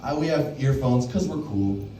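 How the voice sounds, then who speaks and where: A young man doing open mic stand-up, telling a crude story with loud acted-out quotes. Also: mid-range voice, animated, normal speed, a little hiss or hum. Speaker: stand-up comedian. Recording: echoey room, mic heard from a distance.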